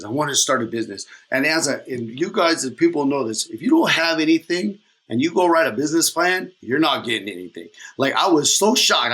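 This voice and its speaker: A man in his thirties, a podcast guest, telling his story in a casual, energetic, rambling way with slang. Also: medium pitch.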